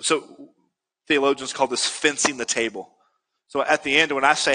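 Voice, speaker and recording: A man's voice: medium pitch, steady tone, normal speed, sharp tone, in a large hall. A male pastor preaching a sermon earnestly, building to emphatic peaks.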